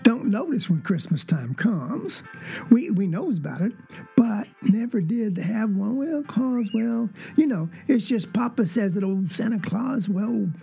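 Performed as a rural Southern child telling an old family story, drawing out phrases with folksy asides. The Southern accent is thick, and the voice has a gravelly, creaky edge. Faint music sits underneath. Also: mid-range voice, lively intonation, a little slow, mellow, full character voice. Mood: earnest, wondering. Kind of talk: dramatic monologue.

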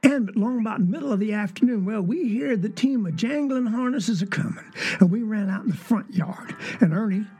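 Performed as a rural Southern child telling an old family story, drawing out phrases with folksy asides. The Southern accent is thick, and the voice has a gravelly, creaky edge. Faint music sits underneath. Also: medium pitch, a little fast, dark tone. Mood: earnest, wondering. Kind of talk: dramatic monologue.

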